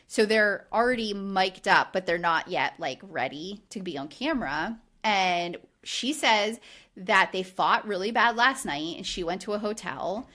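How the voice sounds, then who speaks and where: A woman's voice: mid-range voice, a little slow. A woman co-hosting a podcast, chatting casually with lots of "like" and acted-out quotes. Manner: animated, frequent "like", acts out quoted lines. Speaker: podcast co-host. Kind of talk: casual recap chat.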